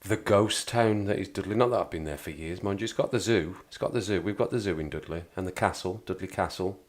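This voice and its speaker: A man's voice: low-pitched, fast talker. A man from the Black Country with a local accent, chatting casually and rambling on a livestream. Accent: Black Country English. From England, Black Country. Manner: rambling, chatty, repeats himself. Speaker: livestream host. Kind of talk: casual chat with live chat.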